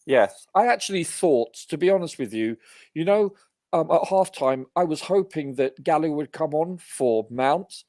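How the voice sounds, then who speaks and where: A man's voice: fairly high pitch, animated, normal speed, a little mellow, no echo, studio quality. A man on a live football review panel giving earnest, emphatic opinions, often hedging with "you know". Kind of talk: casual live match review.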